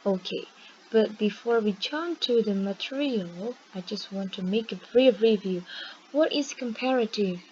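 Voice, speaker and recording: A young woman teaching grammar at an unhurried, careful pace, often stopping to check that everyone follows. Her voice sits in a middle range, recorded on dull, lo-fi audio with a faint hiss underneath. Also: mid-range voice, warm tone. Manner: patient, checks in with "okay?" and "right?". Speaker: English teacher. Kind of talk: online grammar lesson.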